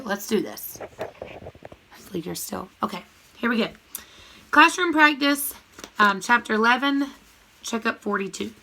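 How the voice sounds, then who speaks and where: A woman teacher leading a recorded grammar lesson, calling out each word and its part of speech in a steady call-and-response rhythm. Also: a little high.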